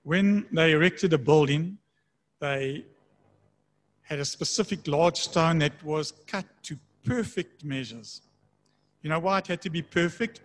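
A man preaching a sermon in a conversational way, slowing down to read scripture aloud. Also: a little high. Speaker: pastor.

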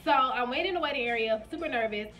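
A young woman with a slightly high voice tells a personal story in a casual vlog. She speaks straight to her viewers, lively and conversational, slipping into the voices of others as she recounts what they said. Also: very fast, soft background music. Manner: chatty, addresses viewers directly; animated retelling with quoted dialogue. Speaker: vlogger.

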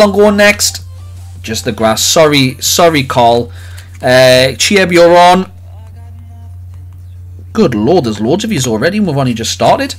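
A man hosting a live card-opening stream, chatting excitedly with viewers and calling out their names. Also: mid-range voice. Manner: excitable, jokey, rapid swings between loud cheers and quiet mutters. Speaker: livestream host opening trading cards.

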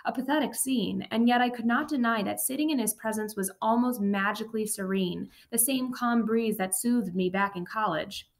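A woman reading a first-person memoir aloud as an audiobook narrator, steady and even. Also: on the high side, moderate pace, hardly any pauses.

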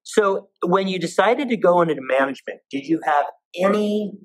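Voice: medium pitch, normal speed, low-quality recording. A podcast host who is a former agent, asking long, winding interview questions in a conversational way.

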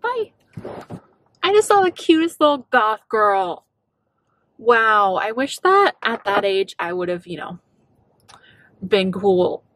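A woman's voice: a little high, big pitch swings, measured pace, fairly bright tone. A woman fashion vlogger chatting casually to camera, bubbly and rambling, often trailing off and restarting. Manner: bubbly, rambling, self-interrupting.

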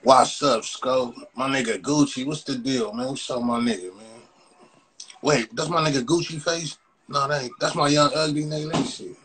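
A brash man on a phone livestream, roasting viewers in loud, mocking bursts and tagging "blood" onto his lines. His voice sits at an ordinary middle pitch. A faint hiss runs under the phone audio. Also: fairly even intonation, normal speed, poor audio. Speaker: livestream host. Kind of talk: profane Instagram live roast.

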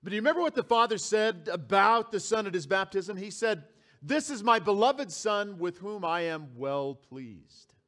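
A man's voice: high-pitched, expressive, normal speed, a bit bright. A man preaching a sermon as pastor, reading scripture aloud and repeating key phrases for emphasis. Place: church sanctuary.

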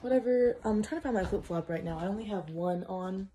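A woman's voice: lowish voice, fairly quick, very noisy. A young woman chatting casually as she vlogs a cooking session at home, scattered and full of "like". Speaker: vlogger. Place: home kitchen. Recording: music playing underneath. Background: background music.

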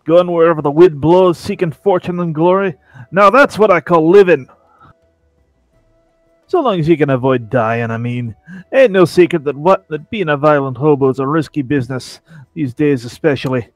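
A man putting on a rough-talking sea adventurer. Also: a little high, moderate pace, dry recording, faint music behind, lightly acted. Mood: folksy. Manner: folksy drawl with put-on rough accent. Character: rough-talking male seafaring adventurer, worldly. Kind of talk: voicing game dialogue in a Let's Play.

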